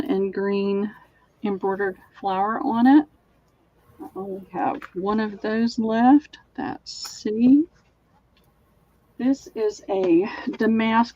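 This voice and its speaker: A woman's voice: fairly high pitch, darkish tone, no room sound, muffled recording. A woman with a Southern accent hosting a live online sale, chatting as she describes linens in detail. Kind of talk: live-stream selling chat.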